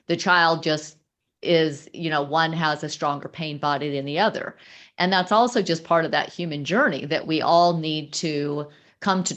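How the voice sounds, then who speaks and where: Low-voiced woman host, explaining. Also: fairly bright tone. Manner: measured, explanatory, cites books. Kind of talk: casual discussion.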